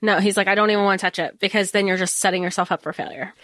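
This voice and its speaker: A woman's voice: medium pitch, steady tone, rapid-fire, a bit bright, no room sound, clean studio sound. A woman co-hosting a podcast, gushing with enthusiasm about a book in casual chat. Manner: enthusiastic, gushing, trails off and restarts. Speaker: podcast co-host.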